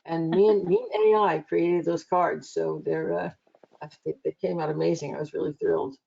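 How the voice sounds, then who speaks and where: Woman psychic host, low-pitched, chatty and rambling, muffled stream sound. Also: steady tone, normal speed, vocal fry. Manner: chatty, warm-hearted rambling with restarts. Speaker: psychic reader and show host. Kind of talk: live online psychic reading show.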